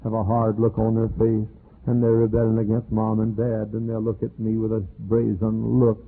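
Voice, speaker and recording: An older man preaching a sermon as pastor, telling folksy stories and jumping high in pitch when he acts out other people's words, on an old archival tape. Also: monotone, normal speed, narrow, tinny audio. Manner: folksy storytelling preacher, acts out quoted voices with sudden high pitch jumps.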